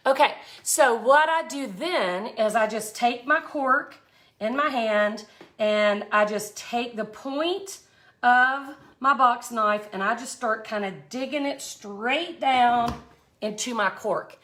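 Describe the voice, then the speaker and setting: A woman's voice: on the high side, slow, a bit bright. A middle-aged woman hosting a live craft tutorial, chatty and folksy, greeting viewers by name as she works. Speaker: art tutorial host.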